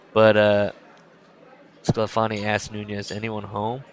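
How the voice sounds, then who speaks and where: A man's voice: on the low side, completely flat delivery, slow pace. Guy on a book podcast, snarky, keeps laughing while he reads bits out. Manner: sarcastic, mocking, laughs often. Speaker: podcast co-host. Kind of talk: casual book-club chat, reading passages aloud.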